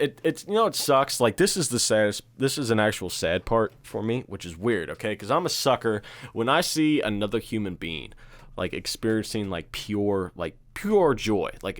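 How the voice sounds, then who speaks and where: A man's voice: on the low side, a bit bright. A man co-hosting a podcast, reacting to a film in earnest, rambling casual chat. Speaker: podcast co-host.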